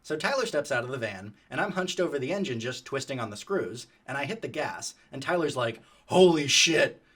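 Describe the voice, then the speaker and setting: A man narrating a story in a casual, animated, profane conversational way. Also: medium pitch, fairly quick, slightly rough.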